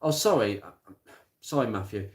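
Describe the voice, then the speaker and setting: A man chatting casually on a live stream about car parts, plain-spoken and rambling, with many pauses and restarts. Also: lowish voice, animated. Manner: rattles off blunt practical advice. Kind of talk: casual live-stream chat answering viewer comments. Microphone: smartphone.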